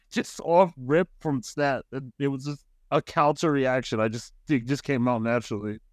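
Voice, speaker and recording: A man's voice: mid-range voice, fairly even intonation, no room sound, clean studio sound. A man co-hosting a casual podcast who laughs a lot and tells loose stories from work. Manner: laughs often, quick reactions, loose storytelling. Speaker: podcast co-host. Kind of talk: casual chat.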